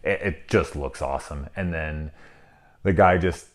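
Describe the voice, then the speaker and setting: A man's voice: rumbling low, unhurried. A man in his thirties giving a casual, rambling movie review, full of swearing and sarcastic asides. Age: 30s.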